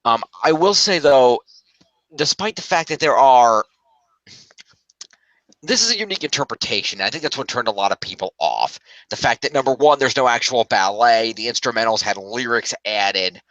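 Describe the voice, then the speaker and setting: Bright-voiced man casually reviewing a film. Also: medium pitch, sing-song, moderate pace, long pauses, dry recording, low-quality recording. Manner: rambling, self-correcting, upbeat.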